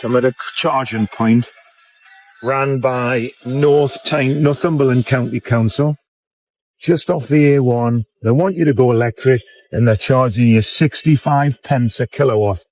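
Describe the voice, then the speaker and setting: A man's voice: mid-range voice, a little mellow, dry recording. Guy ranting, blunt and indignant, dry close sound. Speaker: vlogger. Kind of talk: casual rant to camera. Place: outdoors at a car charging point.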